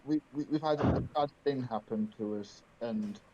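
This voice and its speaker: A man playing in a tabletop game, speaking in a slow, measured way. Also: medium pitch, warm tone, slight background noise. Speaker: player. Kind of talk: in-character play. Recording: muffled, lo-fi mic.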